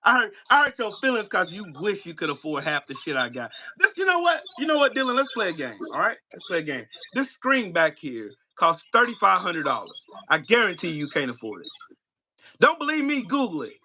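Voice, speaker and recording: A man's voice: sits high, wildly swooping pitch, brisk, sharp tone, a little hiss or hum. A man hosting a live stream, taunting and trash-talking in a profane rant from his home setup.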